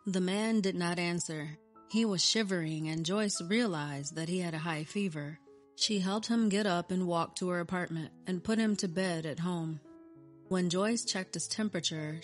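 A woman narrates a scripted story in a steady, even manner. Her voice sits on the low side, and soft music plays faintly underneath.

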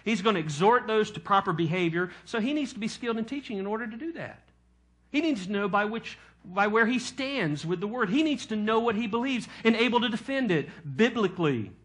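A man's voice: sits high, expressive, a little fast, fairly bright tone. A male pastor preaching a sermon, teaching from scripture and putting questions to his congregation.

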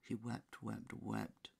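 A worn-out man with a deep, gravelly voice grumbles and swears at himself between takes. His tone is husky and low, and he sometimes drops to a whisper as he loses his place. It is a home recording in the small hours, heard through his own mic. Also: completely flat delivery, drawn-out words, darkish tone. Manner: frustrated muttering and cursing. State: exhausted. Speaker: voice actor. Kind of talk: recording bloopers, talking to himself.

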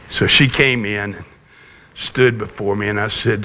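A man preaching a sermon, telling a personal story in a folksy, gently humorous way. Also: fairly low pitch, steady tone, measured pace, long pauses, slight background noise. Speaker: pastor.

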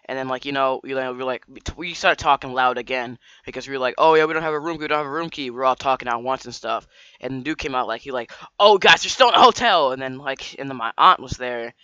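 A man's voice: mid-range voice, bright, forceful tone, clear, resonant tone, dry recording, highs cut off. Rambling young man telling a storytime. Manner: rambling, full of restarts and slang. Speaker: vlogger. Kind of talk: casual storytime vlog.

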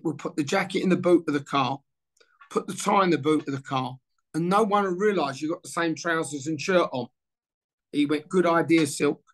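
Lively man telling a story. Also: fairly high pitch. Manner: animated storyteller acting out dialogue. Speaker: former footballer interviewee. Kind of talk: casual anecdote telling.

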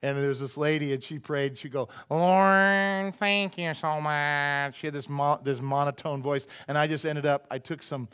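A man's voice: medium pitch, level tone, brisk, few pauses, smooth. A middle-aged man preaching a sermon as pastor, conversational and joking, often asking the congregation questions.

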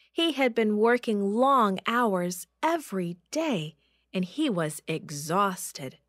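A woman's voice: fairly high pitch, dry recording, studio quality. A woman reading a Bible story aloud over a video call, lifting her voice for dramatic moments.

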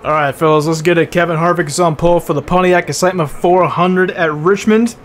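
A young man giving casual commentary while playing a racing game, full of bro and swearing, sometimes flaring into loud angry rants. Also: fairly high pitch, steady tone, brisk, faint music behind. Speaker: gaming video host.

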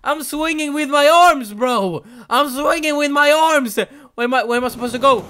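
A young man narrates his own gameplay in a high, bright voice, swinging from wild yelling to muttered asides. He curses at the game and cheers loudly at each small win, in no hurry between outbursts. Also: a little slow. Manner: loud, excitable, yelling and swearing at the game. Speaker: gaming channel host. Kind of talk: let's play commentary.

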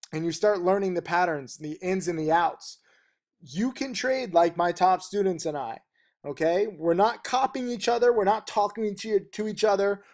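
Man, trading teacher, slightly high voice, rapid and blunt delivery. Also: a little mellow. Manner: rapid, emphatic and blunt, with fillers. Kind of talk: fast-talking video lesson.

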